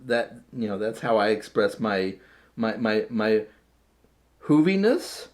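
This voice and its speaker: A man's voice: on the low side, little pitch movement, unhurried. A man chatting casually to camera as a vlogger, chatty and self-deprecating, often repeating words as he talks. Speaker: vlogger showing his hat collection.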